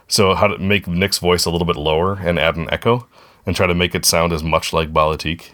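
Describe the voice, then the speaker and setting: A man's voice: sits low, steady tone, a little fast, fairly bright tone. A man co-hosting a podcast in casual chat, rambling and correcting himself as he goes in a friendly way. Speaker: podcast co-host.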